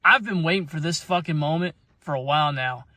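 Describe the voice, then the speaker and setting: A man's voice: on the high side, a little fast, bright, forceful tone, no echo. A man delivering an aggressive, profane callout rant that taunts his rival. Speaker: video ranter.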